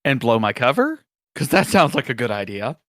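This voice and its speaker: A man's voice: medium pitch, very animated, a little fast, fairly bright tone, dry recording, clean studio sound. A man in a tabletop game, speaking in a defensive, sarcastic way. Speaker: player. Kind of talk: casual in-character play.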